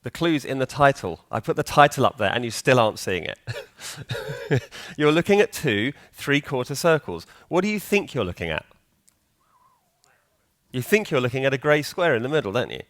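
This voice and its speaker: A man's voice: medium pitch, big pitch swings, moderate pace, fairly bright tone. A man giving a live conference talk in a hall, chatty and joking, quizzing the audience. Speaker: conference speaker.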